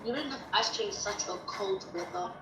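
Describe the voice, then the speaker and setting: Hesitant student on an echoey call. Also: female voice, medium pitch. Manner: hesitant, halting, giggly. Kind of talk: reading and explaining her poem in class. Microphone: video call. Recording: echoey room, background noise.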